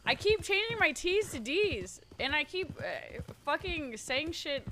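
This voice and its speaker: A young woman with a slight twang and a bright, sharp voice, chatting casually as a streamer. She swears freely and picks at her own delivery. Her voice sits a bit high, with a faint hiss in the background. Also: very animated, unhurried. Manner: swears a lot, frustrated, self-critical. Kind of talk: casual chat, trying out a character voice.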